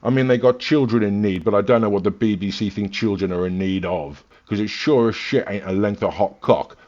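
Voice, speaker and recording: A man's voice: lowish voice, a little fast, darkish tone. A British man delivering a crude, sweary, sarcastic comedy rant in a rambling monologue. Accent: British English. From Britain. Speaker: comedy reviewer. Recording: dull lo-fi recording.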